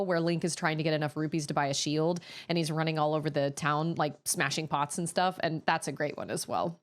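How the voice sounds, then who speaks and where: A woman streamer chatting casually to her audience in a rambling way, often laughing. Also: on the low side. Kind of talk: casual chat on a gaming stream.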